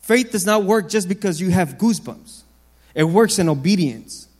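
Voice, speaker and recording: A high-voiced man preaches an animated sermon at normal speed in a large hall whose reverb trails on long after each phrase. He drives his points home through repetition, swinging between loud, lifted lines and low, quiet ones.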